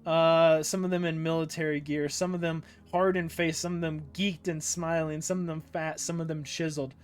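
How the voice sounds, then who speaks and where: A man's voice: fairly high pitch, flat delivery, moderate pace, smooth. A man reading a manga aloud and chatting casually about the art, enthusiastic and swearing freely. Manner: enthusiastic, swears a lot, says "dude". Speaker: manga reader. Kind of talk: casual read-along commentary.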